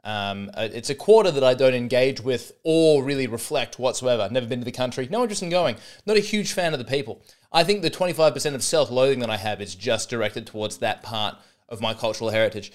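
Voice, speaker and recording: A man's voice: medium pitch, quick pace. An Australian man hosting a comedy podcast, talking in a rambling, sarcastic, self-mocking monologue.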